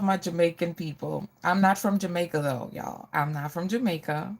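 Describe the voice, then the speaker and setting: A woman's voice: on the low side, normal speed, vocal fry. A woman in her forties from the Caribbean, chatting casually to livestream viewers while doing her hair. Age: 40s. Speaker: livestream beauty and fashion host.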